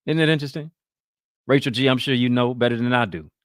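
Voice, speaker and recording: A man's voice: mid-range voice, fast talker, no room sound, studio quality. A man hosting a talk show, giving emphatic, preacher-like motivational commentary.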